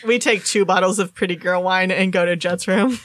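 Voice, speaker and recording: A woman player in a tabletop game who talks in a giggly, drawn-out way. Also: on the low side, fairly even intonation.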